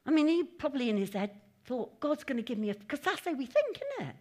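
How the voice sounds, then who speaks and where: Chatty, animated woman preacher. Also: high voice, a little fast. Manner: chatty, animated, laughing asides, acting out quotes. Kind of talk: conversational sermon. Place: church meeting hall.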